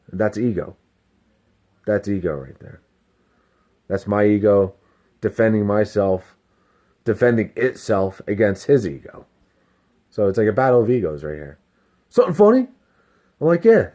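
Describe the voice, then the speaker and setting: Mellow-voiced man rambling candidly. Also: fairly low pitch, normal speed, pauses often. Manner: rambling, candid, self-reflective, swears freely. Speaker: delivery driver. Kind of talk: casual self-help vlog monologue.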